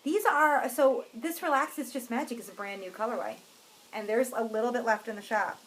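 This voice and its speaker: A woman co-hosting a crafts podcast in casual chat, self-deprecating and quick to laugh. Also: a little high, a bit bright, rough recording. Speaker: podcast co-host.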